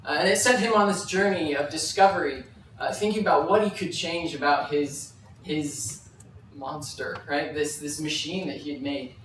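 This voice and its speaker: A man's voice: fairly high pitch, moderate pace, fairly bright tone, a little hiss or hum. A man giving a live conference presentation, telling a story with many fillers and restarts. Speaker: conference speaker. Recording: very echoey hall, mic at a distance.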